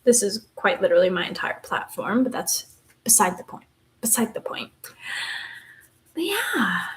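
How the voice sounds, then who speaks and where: A woman's voice: mid-range voice, fairly quick. A woman in her twenties with a West Texan accent, chatting casually and rambling through asides while she colors on a live stream. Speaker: live streamer, university theater student.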